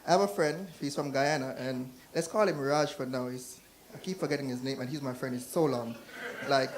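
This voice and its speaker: A man's voice: medium pitch, brisk, slight background noise. A man from Jamaica with a Jamaican accent, performing a stand-up comedy set on a club stage and putting on voices for the people in his jokes.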